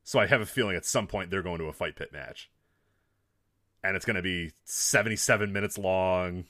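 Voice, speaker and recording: A man's voice: deep voice, a little fast, sharp tone, no room sound, studio quality. A man co-hosting a casual wrestling podcast in a laid-back way, swearing casually and laughing often. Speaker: podcast co-host.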